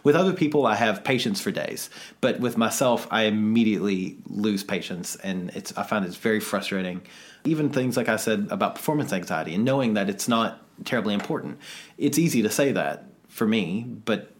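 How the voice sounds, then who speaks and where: A man co-hosting a podcast in casual chat, rambling and self-reflective with a joking streak. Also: lowish voice. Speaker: podcast co-host.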